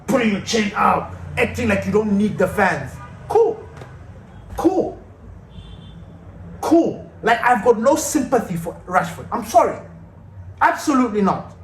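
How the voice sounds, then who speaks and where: A man's voice: high voice, expressive, normal speed, a bit bright. A man ranting heatedly as a football fan channel host, swearing and repeating himself in outbursts. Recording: echoey room with faint noise.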